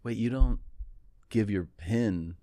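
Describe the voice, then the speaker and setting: A man's voice: on the low side, slow, no room sound. A man in casual podcast chat, telling stories and acting out the people he quotes. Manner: animated storyteller, acts out quoted texts.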